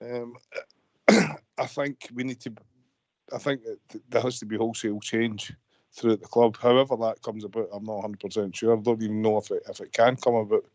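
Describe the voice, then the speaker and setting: A man's voice: on the low side, fairly even intonation, fairly quick, a little mellow, dry recording. A Scottish man calling a fan radio phone-in, talking in a frustrated, rambling way with many restarts, over a muffled line. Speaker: caller.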